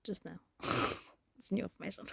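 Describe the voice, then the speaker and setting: A woman's voice: moderate pace, a bit bright, no echo. A woman talking to camera in a rambling, self-reflective vlog monologue, laughing often. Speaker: vlogger.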